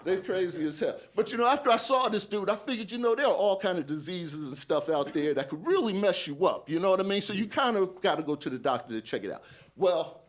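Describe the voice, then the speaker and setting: A man in his forties with a high voice tells a stand-up story. He acts out the other people's voices and keeps checking in with "right?". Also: animated, fast. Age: 40s. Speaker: stand-up comedian.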